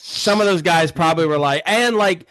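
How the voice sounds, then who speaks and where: A man's voice: a little high, normal speed, very noisy. A man co-hosting a casual film discussion, talking in an agreeable, reflective way with frequent fillers. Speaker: podcast co-host.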